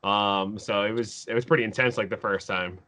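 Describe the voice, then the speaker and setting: A man hosting a casual interview, quick and agreeable, with lots of short acknowledgments. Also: on the low side, fairly even intonation, bright, forceful tone. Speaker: interview host.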